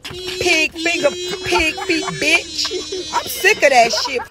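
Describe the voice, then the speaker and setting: Over loud music, a middle-aged woman livestreams a profane, taunting rant, slipping into sing-song mockery as she trash-talks heatedly. This social media personality speaks slowly in a very high voice.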